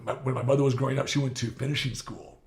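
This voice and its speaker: Gravelly-voiced man hosting a casual chat. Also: medium pitch, fairly even intonation, fast talker, darkish tone. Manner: rambling, laughs often, many restarts. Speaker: podcast host.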